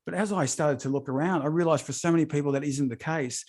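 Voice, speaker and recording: A man's voice: a little high, fast, darkish tone. A middle-aged man hosting a podcast interview, effusive and upbeat, often repeating his praise. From Australia. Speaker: podcast host. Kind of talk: enthusiastic interview chat.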